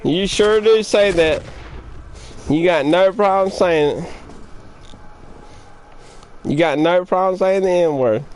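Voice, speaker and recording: Guy on a live game stream, high voice, cussing and taunting people nonstop, says the same thing like five times. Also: slow, long pauses, darkish tone, a little hiss or hum. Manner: taunting, profane, confrontational ranting; repeats his jabs over and over. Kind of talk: trash-talking live-stream chat.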